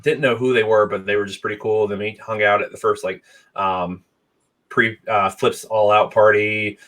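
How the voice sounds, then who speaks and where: A man's voice: on the low side, steady tone, normal speed, a bit bright, recorded from a distance, rough recording. A man hosting a casual wrestling podcast, rambling with many ums and restarts. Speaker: podcast host.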